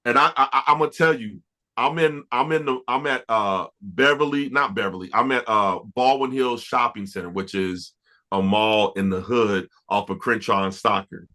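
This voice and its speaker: A middle-aged man, an R&B producer, telling stories in a casual interview, animated and stumbling over restarts. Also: fairly low pitch, moderate pace. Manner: animated, laughing storyteller with many restarts.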